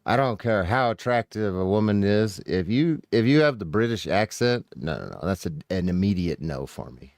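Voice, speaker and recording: A blunt man riffs over a live stream, cursing and mocking as he goes. His voice sits very low but swings widely in pitch. The sound is dry and close to the mic. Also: expressive, moderate pace, few pauses, a little mellow, no echo. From United States. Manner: blunt, mocking, swears freely. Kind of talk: profane reaction commentary.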